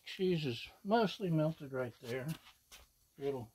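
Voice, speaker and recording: A man's voice: a little high, lively intonation, unhurried, slight background noise. A man hosting a casual cooking vlog outdoors at a griddle, chatty and jokey, teasing the viewer with repeated little asides. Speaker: cooking channel host. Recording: loud griddle sizzle behind voice.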